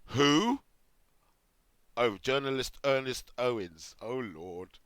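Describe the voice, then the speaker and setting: A man's voice: mid-range voice, animated, normal speed, pushed and bright, dry recording. Sarcastic man reacting to news, dry close sound. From Jamaica. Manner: sarcastic, reading articles aloud and reacting. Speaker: commentary host. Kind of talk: off-the-cuff commentary.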